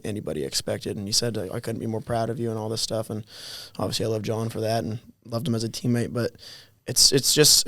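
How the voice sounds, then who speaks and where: A college athlete in his twenties, telling his story in a guest interview with many halting restarts and little chuckles. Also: on the low side, fairly bright tone, no echo. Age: 20s. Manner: halting, repeats words, chuckles while telling stories. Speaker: college football player, guest.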